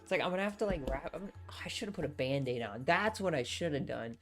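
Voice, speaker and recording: Young woman streamer, low voice, rambling chatty reads, faint music behind. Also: expressive, fairly quick. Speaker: streamer reading a novel aloud. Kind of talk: casual live stream chat and book reading.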